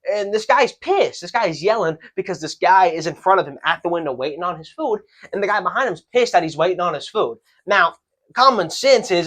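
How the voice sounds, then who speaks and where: A young man co-hosting a casual podcast, telling stories with lots of swearing and animated outrage. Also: high voice. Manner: profane, animated storytelling. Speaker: podcast co-host.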